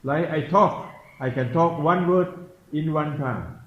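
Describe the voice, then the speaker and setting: A man giving a Buddhist dharma talk, slowly and repetitively questioning his listeners in simple English. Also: a little high. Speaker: Buddhist meditation teacher. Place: temple teaching hall. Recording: echoey, dull room recording.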